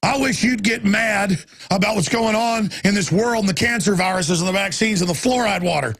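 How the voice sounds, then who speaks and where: Gravelly ranting talk show host. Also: male voice, high voice, brisk. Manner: angry, shouting in bursts, then weary and apologetic. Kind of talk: ranting monologue.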